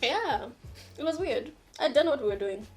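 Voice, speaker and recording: A young woman co-hosting a casual chat, telling stories in an animated, giggly way. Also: high voice, moderate pace, soft background music. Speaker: co-host. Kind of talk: casual chat over a meal.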